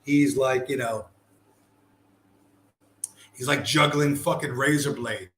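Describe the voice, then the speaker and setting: A man's voice: mid-range voice, slow, fairly bright tone, a little hiss or hum. A man giving blunt, sarcastic, heavily profane commentary on a video he is sharing. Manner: blunt, heavy swearing, sarcastic. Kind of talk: profane commentary over a screen-shared video. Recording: echoey room with faint ambience.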